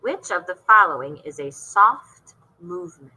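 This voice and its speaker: A woman music teacher with a bright, clear tone talks young students through an online assignment. She is patient and explains each step in turn. She sounds like she is recording at her computer. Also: fairly low pitch, big pitch swings, measured pace, hardly any pauses, rough recording.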